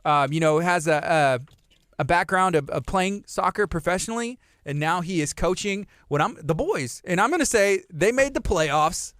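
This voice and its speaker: A man's voice: sits high, lively intonation, normal speed, a bit bright, no echo, studio quality. Upbeat Texan man hosting live radio. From Texas. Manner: upbeat, chatty, promotional. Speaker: radio show host. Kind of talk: casual live radio chat. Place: radio studio.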